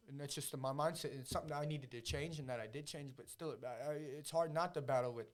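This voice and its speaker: A man's voice: a little high, quick pace, few pauses. Emotional, profane male podcast guest. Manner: emotional, profane, repeats himself. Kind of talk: casual podcast chat.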